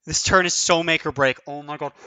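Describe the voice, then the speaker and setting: A man streaming his own online card game tournament, thinking aloud, counting out numbers and swearing often, his voice going a bit hoarse. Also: fairly high pitch, sharp tone, no room sound, highs cut off. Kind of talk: excited live commentary of own play.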